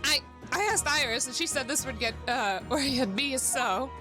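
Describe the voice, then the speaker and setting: Brief: woman streamer, casual and foul-mouthed, fairly high voice, music bed. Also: normal speed. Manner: swears freely, laughs often, reads game lines aloud. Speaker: streamer playing a story game. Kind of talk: casual gaming stream commentary. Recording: background music under the voice. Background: streamed background music.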